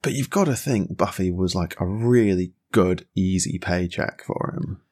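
A man's voice: deep voice, a little slow, a little mellow, slightly rough. A young man co-hosting a podcast, chatting casually and rambling enthusiastically with plenty of fillers and restarts. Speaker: podcast co-host. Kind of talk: casual chat.

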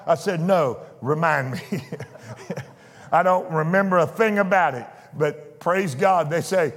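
A man preaching a fervent sermon, swinging from soft asides to shouted declarations. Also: sits high, long reverb tail. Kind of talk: pentecostal sermon. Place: church sanctuary.

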